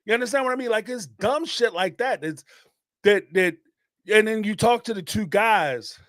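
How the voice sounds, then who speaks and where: Brief: middle-aged male host, high-pitched, dry close mic, emphatic slangy commentary. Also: normal speed, no echo. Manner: animated and emphatic, street slang, repeats phrases for emphasis. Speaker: host of a live call-in show. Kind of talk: casual spoken commentary.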